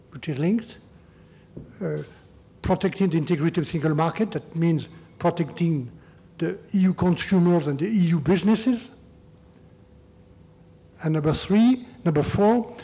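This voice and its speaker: An older French-accented man answers questions at a lecture in slightly high, careful English. He often repeats words as he searches for phrasing, then drives points home with a questioning "huh?". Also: vocal fry, mellow. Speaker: EU chief negotiator giving a lecture. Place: large lecture hall.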